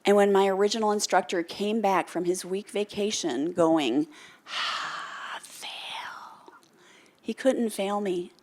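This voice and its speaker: A woman's voice: mid-range voice, moderate pace, hardly any pauses. An American woman giving a motivational keynote speech on stage, telling a story and acting out the lines of the people in it while calling on the audience to answer her. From United States. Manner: animated, calls for audience responses; storytelling, acts out quoted lines. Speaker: motivational speaker. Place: stage before a live audience.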